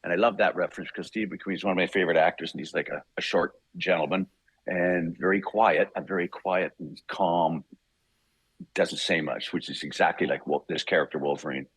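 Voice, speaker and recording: An older Canadian man, a guest voice actor in a casual interview, tells animated anecdotes, acting out voices and laughing often. His voice is deep and husky, his pace brisk, and the recording has no echo.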